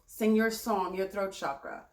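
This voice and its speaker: A woman giving a tarot reading in a chatty, animated, self-correcting way. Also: medium pitch, unhurried, roomy sound. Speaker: tarot reader.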